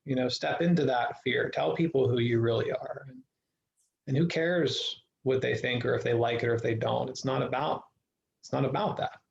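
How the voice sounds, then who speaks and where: A man's voice: medium pitch, normal speed, creaky. A man telling his life story as a guest in an interview, earnest and reflective, often restarting his sentences. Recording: echoey room, dull lo-fi sound.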